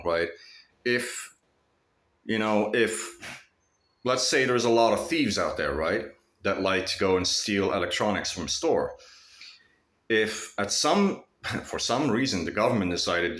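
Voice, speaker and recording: Male vlogger, low voice, animated storyteller who swears freely, echoey room. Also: measured pace. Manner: profane, animated, mimics others mockingly. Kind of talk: casual storytelling monologue.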